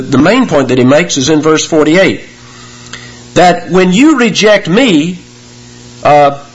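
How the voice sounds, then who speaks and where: A man preaching a sermon, explaining scripture verse by verse and rising in pitch and force on key words. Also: husky, poor audio. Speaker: pastor.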